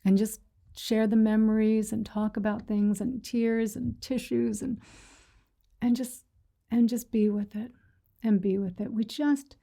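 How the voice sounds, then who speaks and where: A woman teaching a meditation group in a gentle, reassuring way, sometimes dropping to a whisper. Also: on the high side, vocal fry. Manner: gentle, reassuring, soft-spoken; retells stories with quoted voices. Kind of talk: dharma talk to a sangha.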